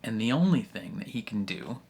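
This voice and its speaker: A man hosting a casual reaction video, ranting in an animated, exasperated way and swearing often. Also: lowish voice, moderate pace, creaky, breathy edge.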